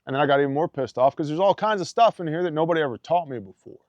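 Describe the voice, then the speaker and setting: A man's voice: fairly high pitch, animated, racing, darkish tone, no echo. Blunt, emphatic man telling a story. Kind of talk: casual storytelling. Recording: dull, dry lo-fi podcast audio.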